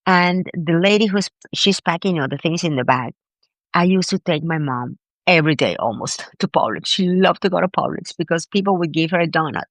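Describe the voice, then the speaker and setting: A woman being interviewed as a grief expert, telling a personal story in an animated, emphatic way and often repeating words. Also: on the low side, fairly quick, no room sound. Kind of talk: conversational storytelling.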